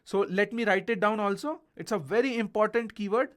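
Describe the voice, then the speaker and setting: A man's voice: high-pitched, a little fast. A young man teaching a video coding lesson. He repeats key points, reassures the viewer and checks in often with "okay?". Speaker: programming instructor.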